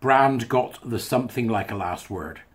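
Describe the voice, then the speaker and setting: A man's voice: mid-range voice, normal speed, breathy edge. A man reading a thread aloud and adding chatty, wry asides as a commentator. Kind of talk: casual monologue reading and commenting.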